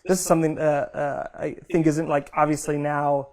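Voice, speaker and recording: Low-voiced rambling woman host. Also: little pitch movement, normal speed, a little mellow. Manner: rambling, self-deprecating, many fillers. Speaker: podcast host. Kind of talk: casual interview chat.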